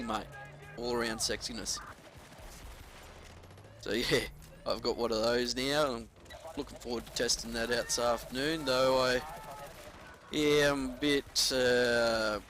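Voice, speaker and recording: A man's voice: medium pitch, a bit bright, slight background noise. A young man casually commentating over his gameplay at home, laid-back with frequent swearing and ranty asides.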